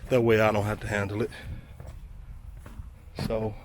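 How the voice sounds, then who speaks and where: A man's voice: on the low side, monotone, unhurried, noisy background. A man narrating a vlog outside a vacant house, growing more and more exasperated. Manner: exasperated, building up heat. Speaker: property manager vlogger.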